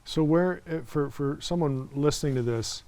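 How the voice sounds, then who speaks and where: A man's voice: on the high side, normal speed, darkish tone, no echo. A man hosting an interview, asking follow-up questions and affirming the guest with short replies. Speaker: podcast host.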